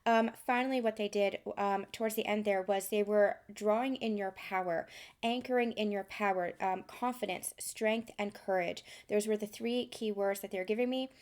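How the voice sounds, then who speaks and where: A woman speaking as a spiritual channeler, explaining her session in soft, flowing, repetitive phrases with frequent ums. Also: mid-range voice, steady tone, normal speed. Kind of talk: spoken explanation after channeling.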